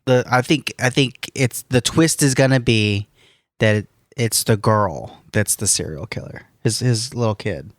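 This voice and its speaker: A man's voice: mid-range voice, unhurried, no echo, clean studio sound. A young man rambling through a casual podcast story, swearing a lot and laughing often. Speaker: podcast co-host. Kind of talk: casual chat.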